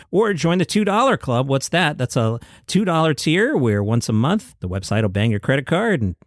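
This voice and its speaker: A man's voice: mid-range voice, darkish tone, dry recording. A man hosting a solo comedy news podcast, talking in a dry, wry way with offhand asides. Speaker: podcast host.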